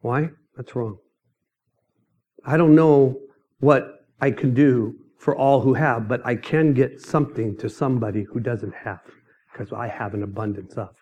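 Preaching his mission testimony, this middle-aged man tells it as an emphatic story punctuated by abrupt loud bursts. He speaks a little slowly at a medium pitch, and the audio sounds muffled.

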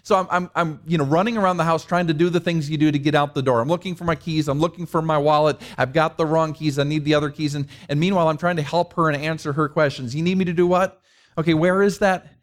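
A man's voice: on the high side, fairly even intonation, quick pace, hardly any pauses. A middle-aged man preaching a conversational sermon, mixing rhetorical questions with personal stories. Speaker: pastor.

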